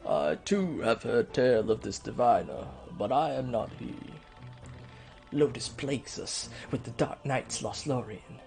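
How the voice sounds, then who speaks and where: A grave veteran knight speaks slowly and firmly, as a man voices him during a game playthrough. His voice sits at a middling pitch. Quiet game music plays faintly behind him. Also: animated, gravelly. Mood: solemn. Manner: slow, solemn and firm. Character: stern, loyal veteran male knight. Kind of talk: let's play voice acting.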